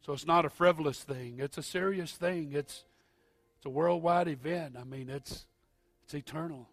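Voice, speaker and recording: Pastor preaching with rising intensity. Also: male voice, fairly high pitch, no echo, faint music behind. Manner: builds from quiet, halting asides to loud, rising preaching. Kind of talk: sermon.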